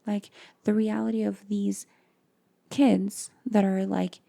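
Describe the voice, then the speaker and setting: A woman's voice: medium pitch, little pitch movement, takes it slowly, vocal fry, warm tone. A woman co-hosting a casual book podcast, talking thoughtfully, searching for words and slipping into Spanish. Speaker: podcast co-host.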